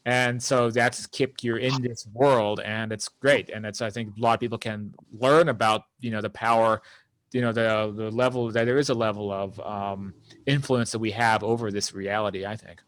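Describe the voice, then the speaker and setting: A man's voice: on the low side, steady tone, normal speed, a bit bright, no room sound. A man hosting a question session, inviting questions in a rambling, hesitant way. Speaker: host of the gathering.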